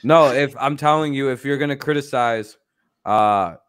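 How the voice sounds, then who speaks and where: A man's voice: mid-range voice, moderate pace, fairly bright tone, smooth, no echo, clean studio sound. A man hosting a casual livestream, rambling loosely and swearing freely, with frequent laughs. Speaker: streamer host.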